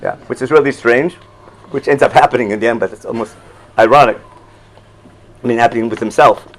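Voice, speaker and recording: A man's voice: mid-range voice, fairly quick, low-quality recording. An older man teaching a Torah class in a loose, conversational way, often asking "you follow?" and chuckling at his own asides.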